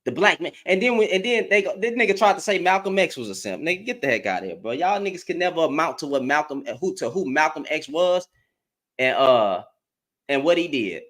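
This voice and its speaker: Male commentator with a high, bouncy delivery, ranting and laughing in a reaction video. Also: brisk. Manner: animated, repetitive, profane, laughs often. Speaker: online commentator. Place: in Dallas, Texas.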